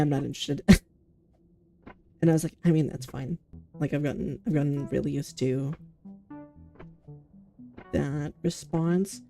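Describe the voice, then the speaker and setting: A woman streamer chatting casually and rambling on, blunt and quick to swear. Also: sits low, vocal fry, mellow, a little hiss or hum. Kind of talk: casual livestream chat.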